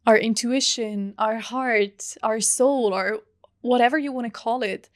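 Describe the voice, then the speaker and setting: A young woman hosting a reflective solo podcast, talking softly and earnestly with long pauses. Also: a little high, no room sound, studio quality. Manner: soft, earnest, heartfelt, with drawn-out pauses. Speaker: podcast host.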